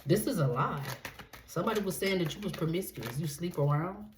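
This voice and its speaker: A woman's voice: fairly low pitch, a little fast. Blunt, profane woman tarot reader. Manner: blunt, profane, repeats "okay?". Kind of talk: tarot reading monologue. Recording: echoey room with steady background noise.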